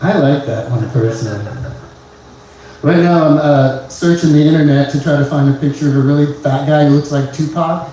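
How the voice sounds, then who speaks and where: A man doing a live stand-up set on a small comedy club stage, talking haltingly with lots of "uh" fillers and restarts. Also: on the high side, warm tone, a little hiss or hum. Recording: echoey club from far off.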